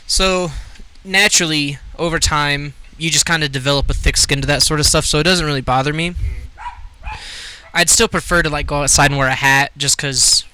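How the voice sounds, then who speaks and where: A man's voice: a little high, normal speed, bright, forceful tone, clear, resonant tone. A young man co-hosting a podcast, swapping crude jokes and stories in casual banter. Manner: profane, laughing banter. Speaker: podcast co-host. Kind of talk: casual chat.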